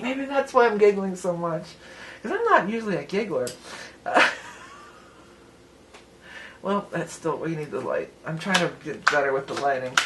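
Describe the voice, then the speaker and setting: A woman's voice: lowish voice, a little hiss or hum. A woman giving a casual tarot reading to the viewer, chatty and breaking into giggles between her readings of the cards. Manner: talks straight to the viewer as "you". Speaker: tarot reader.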